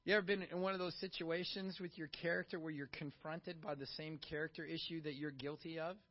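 A middle-aged man preaching a sermon in a conversational, animated way, full of rhetorical questions to the congregation. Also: on the high side, a little fast. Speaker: pastor. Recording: dull lo-fi sound.

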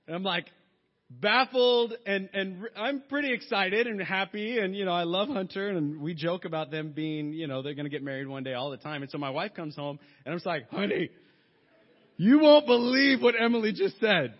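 A man in his thirties preaching a sermon, mixing jokes and lively stories into his message. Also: sits high, fairly quick. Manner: joking, lively storytelling. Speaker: pastor. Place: church hall. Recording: long hall reverb, dull sound.

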